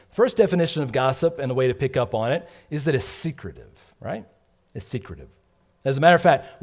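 A man's voice: a little high, a little mellow. A middle-aged man preaching a sermon, who asks "right?" again and again and acts out the voices of gossipers as he goes.

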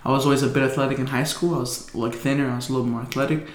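A man's voice: medium pitch, steady tone, very fast. A young man telling a story in casual chat, loose and full of slang, swearing and fillers. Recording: echoey room.

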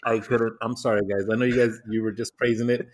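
A man co-hosting a casual movie review podcast, talking in an animated, emphatic rant. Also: medium pitch, fast. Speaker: podcast co-host.

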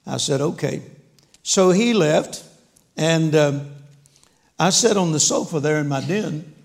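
Speaking slowly in a gravelly, somewhat high voice, a man preaches a sermon built around a story, acting out the dialogue with folksy humor as the audience laughs.

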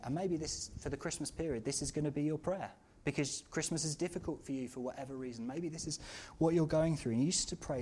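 A preacher giving a sermon in a church, earnest and at times rising to loud, impassioned outcries. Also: medium pitch, brisk.

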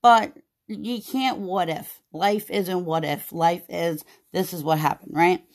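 A woman podcast host venting about her job in a casual, profane, animated way, with many "like"s. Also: on the low side, takes it slowly. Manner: profane, animated storytelling with lots of "like".

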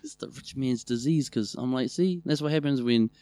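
A man's voice: mid-range voice, moderate pace, dry recording. A man with a New Zealand accent telling funny family stories in casual chat, swearing freely. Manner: swearing, animated storytelling. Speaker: podcast co-host.

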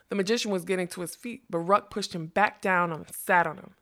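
Female audiobook narrator: fantasy reading, measured, expressive, slightly low pitch.

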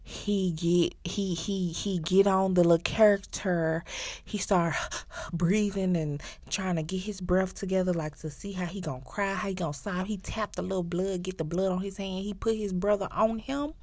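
A woman hosting a podcast, casually recapping a show in an animated, slangy way and talking straight to her listeners. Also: fairly low pitch, moderate pace, dry recording. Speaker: podcast host.

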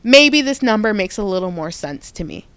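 A young woman talks through a personal story in a smooth, clear voice at a middle pitch. She is animated and often restarts or corrects herself mid-sentence. The sound is dry and close, with no room around it. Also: normal speed, no echo. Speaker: podcast host.

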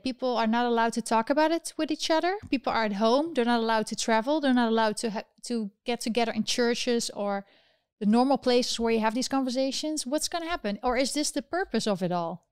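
A woman's voice: on the high side, darkish tone, clean tone, no echo. A woman hosting a political commentary livestream. She talks with passion, keeps firing rhetorical questions and reads out comments from viewers. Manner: impassioned, fires rhetorical questions. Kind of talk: livestream commentary reading chat.

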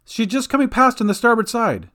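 A man's voice: extremely high pitch, sing-song, brisk, sharp tone, pitched above the performer's own voice, exaggerated voice. A man voicing an earnest, protective young adventurer in an audio story, slightly raised above his own voice. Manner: earnest, urgent when giving orders.

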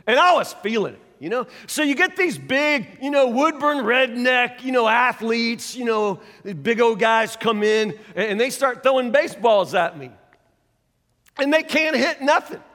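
A man preaching a sermon, telling a folksy story with animated, loud bursts and saying y'all. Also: extremely high pitch, a little slow. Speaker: pastor. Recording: long hall reverb.

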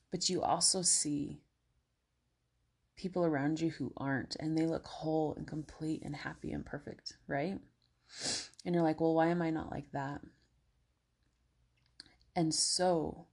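A woman hosting a casual self-help podcast, talking in a gentle, encouraging way with many fillers and slipping at times into soothing guided relaxation. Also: deep voice, vocal fry, breathy edge. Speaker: podcast host.

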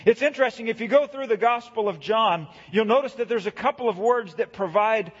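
Husky high-voiced pastor preaching in a hall. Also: male voice. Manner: earnest, slows for scripture, rising emphasis. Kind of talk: sermon. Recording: echoey hall, dull lo-fi sound.

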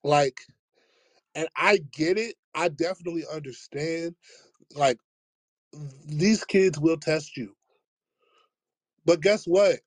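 A man's voice: fairly high pitch, takes it slowly, pauses often, no echo. A man who teaches, telling a long school story in casual chat and acting out the voices of the people in it. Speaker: podcast host, teacher.

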